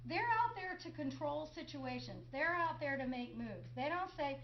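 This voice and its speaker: A woman's voice: sits high, expressive, normal speed, muffled recording, slight background noise. A middle-aged woman prosecutor giving a courtroom closing argument, sarcastic, firing rhetorical questions and mimicking others.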